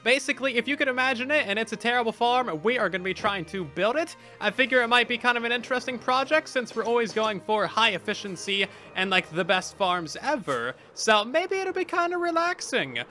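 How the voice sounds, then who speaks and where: A man's voice: very high voice, animated, brisk, hardly any pauses, pushed and bright, soft background music. A man hosting a game let's play, talking in upbeat, chatty commentary with dry sarcastic jokes. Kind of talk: casual gameplay commentary.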